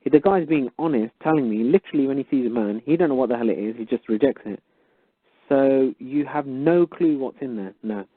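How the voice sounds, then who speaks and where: Man, mid-pitched, animated storyteller, tinny phone line. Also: brisk, slightly rough, dry recording. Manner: animated, with sudden jumps up in pitch. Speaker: guest on a call-in talk show. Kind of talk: casual storytelling, acting out conversations.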